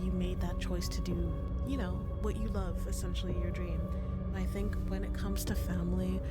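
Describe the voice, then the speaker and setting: Woman streamer rambling casually, lowish voice, swears a lot, game music behind. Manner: chatty, swears, laughs often. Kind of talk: casual gaming commentary.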